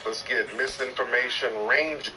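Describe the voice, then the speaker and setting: A man hosting a live online chat, roasting callers in a teasing, mock-stern way with loud bursts. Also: mid-range voice, a little slow, over music. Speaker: host of a live audio chat stream. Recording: distant noisy online voice chat.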